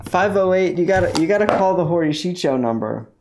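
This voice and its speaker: A man's voice: high voice, animated, fairly quick, gravelly, music in the background. A man hosting a casual livestream from inside his car, rambling, joking and talking back to his chat. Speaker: livestream host.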